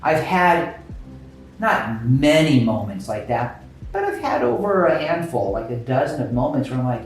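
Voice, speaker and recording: A man's voice: mid-range voice, normal speed, a little hiss or hum. A man hosting an interview, talking with enthusiasm in casual chat. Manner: enthusiastic, animated storytelling. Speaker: podcast host. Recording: echoey room with faint music.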